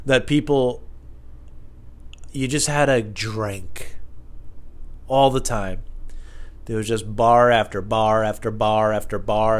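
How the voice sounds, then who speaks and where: A man comedian hosting a podcast, talking in a rambling, profane, self-mocking way with laughs. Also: fairly low pitch.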